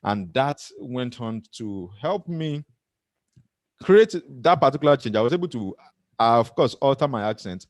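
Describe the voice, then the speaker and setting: A man's voice: medium pitch, sing-song, normal speed, no room sound. A middle-aged man with a Nigerian accent giving an earnest motivational talk to camera, often laughing at himself. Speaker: motivational speaker.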